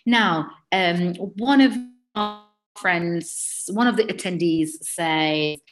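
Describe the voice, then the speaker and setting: British lady teacher doing a live webinar, lowish voice, chatty, answering questions from the chat. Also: slow pace. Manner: conversational, answers chat questions as they come in. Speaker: IELTS webinar presenter and teacher.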